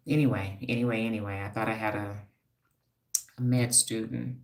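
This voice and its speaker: Low-voiced, emphatic woman on a livestream. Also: fairly even intonation, normal speed, a little mellow, reverberant. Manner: emphatic, preachy, repeats herself, talks straight to the audience. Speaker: livestream host, hair stylist and wellness coach. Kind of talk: casual livestream talk to viewers.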